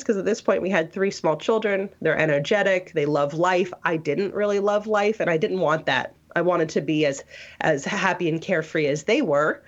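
Rambling woman on dull lo-fi audio. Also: fairly low pitch. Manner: rambling, with many restarts and fillers. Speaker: guest telling her conversion story. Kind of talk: casual interview talk.

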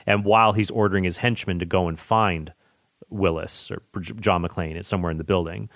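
A man hosting a podcast, chatting about movies in an enthusiastic, rambling way with excited tangents. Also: deep voice, a little fast, no echo, clean studio sound. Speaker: podcast host. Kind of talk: casual movie chat.

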